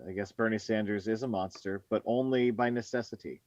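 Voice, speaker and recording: A man hosting a casual online chat, relaxed and joking. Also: lowish voice, a little fast, no echo, muffled recording. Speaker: host.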